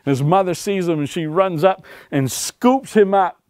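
An author and search and rescue dog handler shares homespun tales with a library audience, frequently asking "right?". He speaks at a normal speed in a high-sitting, slightly mellow voice, recorded with no echo.

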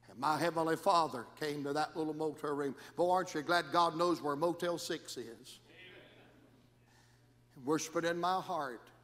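A man preaching a sermon in a church, with dramatic, repetitive cadences that move between hushed and shouted lines. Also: a little high, moderate pace. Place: church sanctuary. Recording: long church reverb.

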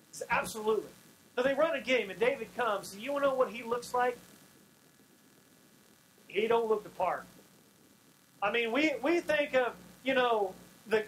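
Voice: mid-range voice, a little hiss or hum, rough recording. Folksy preacher telling stories. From Oklahoma. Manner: folksy, storytelling, retells scenes in dialogue. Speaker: pastor. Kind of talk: sermon.

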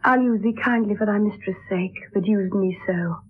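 A woman's voice: mid-range voice, normal speed, slightly rough, lightly acted. An actress playing a lovelorn young noblewoman disguised as a boy page, speaking verse in an earnest, wistful way in an old radio play. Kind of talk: 1960s radio drama verse acting. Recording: tinny lo-fi 1960s radio broadcast.

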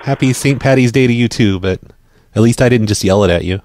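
A man hosting a live radio show and making prank phone calls, speaking deadpan and often stumbling over his words. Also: mid-range voice, fairly quick, a little hiss or hum. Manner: deadpan, stammers and repeats words. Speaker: prank-call radio host.

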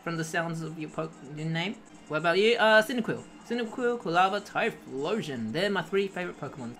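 A woman streaming a video game, chatting casually with her viewers, pleading with the game and bursting into excited shouts. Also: lowish voice, fairly quick, over music. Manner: chatty, greets and answers chat, pleads with the game. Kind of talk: casual live-stream commentary while playing.

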